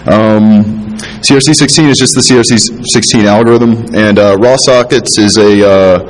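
A man with a slightly low voice gives a technical talk to a room, stumbling through restarts and frequent filler sounds. He is a little tipsy and slips in dry, self-deprecating asides between points. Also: normal speed, low-quality recording. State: tipsy, drinking while talking. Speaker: conference speaker. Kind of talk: technical presentation.

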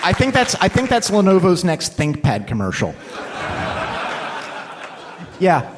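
A man's voice: high-pitched, wildly swooping pitch, measured pace, a crowd in the background, background noise. A man who is a lawyer, giving a casual, anecdotal talk on computer crime law, acting out quoted voices. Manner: casual and profane, many fillers. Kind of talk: conference talk with audience Q&A.

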